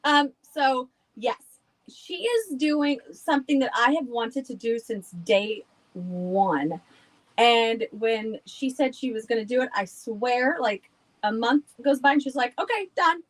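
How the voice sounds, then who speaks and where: A woman's voice: fairly high pitch, slow pace, poor audio. A woman guest on a podcast, chatting casually and rambling with frequent laughs. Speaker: guest, haunted house owner.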